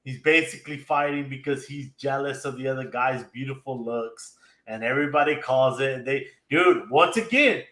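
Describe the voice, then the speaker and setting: Animated man in an echoey room. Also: medium pitch, normal speed. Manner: animated retelling, laughing, acting out quotes. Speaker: podcast host recapping an anime episode. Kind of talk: casual chat.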